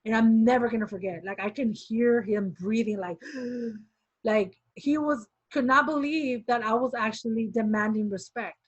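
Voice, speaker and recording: A woman's voice: a little high, moderate pace, hardly any pauses, no echo. Woman, former member telling her own story; talkative, re-enacts conversations, fillers galore; muffled, dry sound. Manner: talkative, acts out quoted dialogue, many "like" fillers. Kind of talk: casual personal storytelling.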